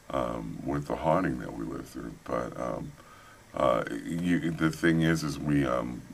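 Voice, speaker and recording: A man's voice: a bass voice, creaky, a little hiss or hum. A middle-aged man with a Midwestern American accent, telling stories in a casual interview and acting out the quotes. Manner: animated storyteller, many restarts, acts out quotes. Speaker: author and paranormal investigator. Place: paranormal conference hall.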